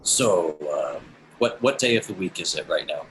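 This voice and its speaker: Man, tabletop player, very low voice, halting, coaxing. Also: lively intonation, slight background noise, poor audio. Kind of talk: tabletop role-play.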